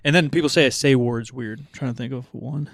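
A man's voice: mid-range voice, quick pace, gravelly, no echo. A young man from Portland rambles through a casual podcast chat, swearing often and laughing along. His voice sits in a middle register and sounds dry and close to the mic, with no room around it. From Portland, Oregon. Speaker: podcast host.

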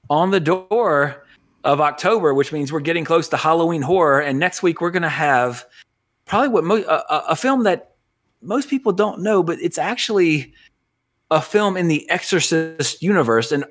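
A man hosting a podcast, with a voice pitched a little high. He rambles in loose, casual talk, corrects himself mid-sentence and breaks into laughter often. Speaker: podcast host.

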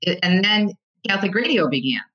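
An American woman, a Catholic talk show host, telling her story as a guest in a conversational interview, animated and restarting her sentences often. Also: mid-range voice, a little fast, muffled recording. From United States. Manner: animated storyteller, repeats words when starting sentences.

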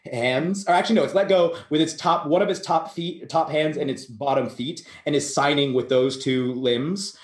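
A man's voice: fairly high pitch, moderate pace, few pauses. A man narrating as game master of a tabletop game, rambling and correcting himself as he describes the scene. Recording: roomy echo.

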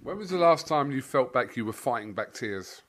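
A man in a mid-range voice asks gentle interview questions. He speaks haltingly and repeats his words as he goes. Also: medium pitch, expressive.

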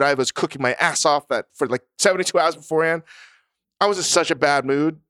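Smooth-voiced man, blunt and profane. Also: fairly high pitch, fast talker, fairly bright tone, no echo, studio quality. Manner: blunt, profane, self-mocking. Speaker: podcast co-host. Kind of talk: casual chat.

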